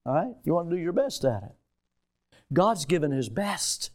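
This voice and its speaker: Pastor, male, high-pitched, emphatic sermon delivery with loud-soft swings. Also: expressive, moderate pace, long pauses. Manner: emphatic preaching that swings between loud stresses and hushed asides.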